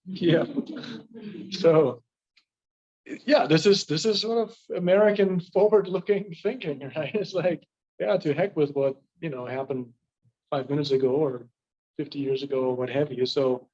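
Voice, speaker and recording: A man's voice: a little high, measured pace, darkish tone. A man leading a group discussion of a reading, talking hesitantly and often checking in with his listeners. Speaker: discussion leader. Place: church meeting room. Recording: dull, muffled room recording.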